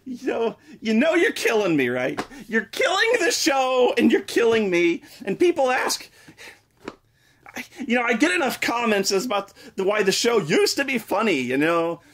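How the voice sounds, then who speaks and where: A man's voice: very high voice, big pitch swings, moderate pace, a bit bright, a little hiss or hum. A young man reviewing a game in a sarcastic, exasperated rant full of swearing. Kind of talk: ranting comedic review.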